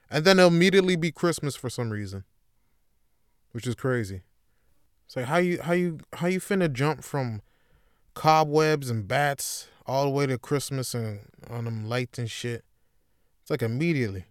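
Profane, rambling man with a smooth voice. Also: normal speed, no room sound, studio quality. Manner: profane, joking, swings between loud bursts and low mutters. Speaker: podcast host. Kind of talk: rambling comedic monologue.

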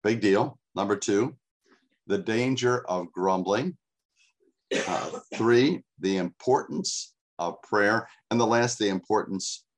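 A man with a somewhat low voice preaches a sermon. He walks through scripture in a loose, chatty way and often pauses on fillers. His tone is plain and unhurried. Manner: conversational preaching with frequent fillers. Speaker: pastor.

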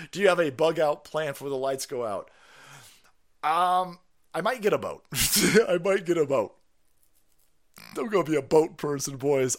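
A man's voice: fairly high pitch, fairly bright tone. A man hosting a casual livestream, reading viewer messages and answering them with profanity, laughter and rambling asides. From South Carolina.

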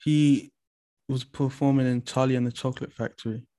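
A woman's voice: extremely low pitch, fairly even intonation, fairly quick, warm tone. A woman from London with a London accent, a guest chatting casually and teasing with dry humor. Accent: London English. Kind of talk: casual chat.

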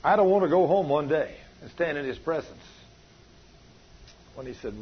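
A husky-voiced man with a drawl preaches to his congregation, his pitch sitting a little high for a man. His folksy cadence swells and falls away. The recording is dull and lo-fi. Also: animated, normal speed, long pauses. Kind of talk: sermon.

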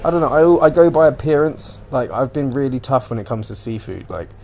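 A man's voice: mid-range voice, a little fast, slight background noise. Sweary rambling man. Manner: rambling, sweary, animated retelling. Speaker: podcast host. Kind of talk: casual solo chat.

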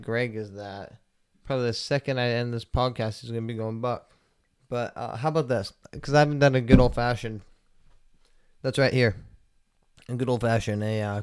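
Laid-back rambling young man, smooth voice. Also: medium pitch, a little mellow. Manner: rambling, profane, laid-back, lots of "like" fillers. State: stoned. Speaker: podcast host. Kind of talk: casual solo podcast chat.

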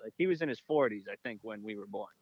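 A man co-hosting a podcast, telling stories in an animated, excitable way and laughing often. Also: on the low side, fast, muffled recording. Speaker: podcast co-host. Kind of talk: casual chat.

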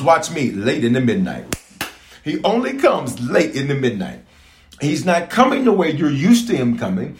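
A man preaching as a bishop at a prayer service, emphatic and repetitive, calling out to his congregation. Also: a little high. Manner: emphatic, repeats phrases, calls to congregation. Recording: echoey room.

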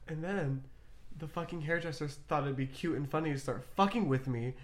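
A man's voice: a little high, fairly quick. A young man co-hosting a podcast in casual chat, laughing often, swearing and rambling through stories. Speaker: podcast co-host.

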